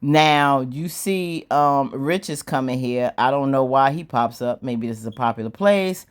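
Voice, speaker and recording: A woman casually recapping a TV drama episode, animated and slangy, acting out the characters' lines. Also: extremely low pitch, measured pace. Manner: animated, slangy storytelling with squealing acted-out quotes and laughs. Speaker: show recap host.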